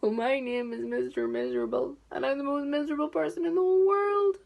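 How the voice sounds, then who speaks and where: A woman voicing a sad, miserable little storybook man with a squeaky, sniffly voice. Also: animated, brisk, creaky, lo-fi sound. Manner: sniffly, whiny.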